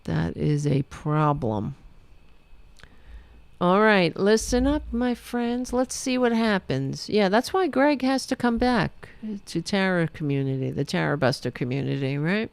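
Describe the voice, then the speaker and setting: Blunt woman host, animated low voice. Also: unhurried, gravelly, clean tone, no room sound. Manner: blunt and exasperated, swears, talks to pets in a cooing baby voice. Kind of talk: political talk show with pet asides.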